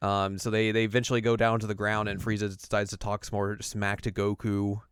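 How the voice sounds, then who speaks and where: A man's voice: fairly low pitch, smooth, dry recording, studio quality. A man co-hosting a podcast, recapping an anime episode in casual chat and acting out bits of it. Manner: animated retelling with quick acted asides. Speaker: podcast co-host.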